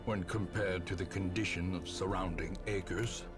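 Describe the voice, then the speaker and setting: Grim old gothic game narrator. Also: male voice, low-pitched, fairly even intonation, measured pace, faint music behind. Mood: ominous.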